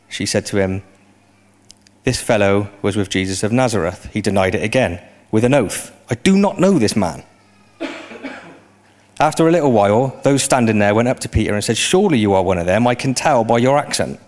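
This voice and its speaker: A man preaching a sermon in a conversational way, often rising into animated emphasis. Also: lowish voice.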